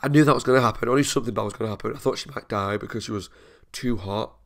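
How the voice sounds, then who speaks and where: Guy doing a chatty episode reaction, bit of gravel in his voice, emotional and self-mocking. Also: on the low side, rapid-fire. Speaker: reaction video host. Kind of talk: casual spoken episode review.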